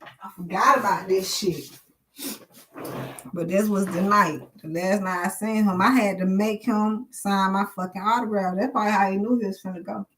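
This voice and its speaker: A woman's voice: medium pitch, steady tone, moderate pace, slight background noise. A woman, a tarot streamer telling her viewers a long personal story in a profane, emotional, run-on way.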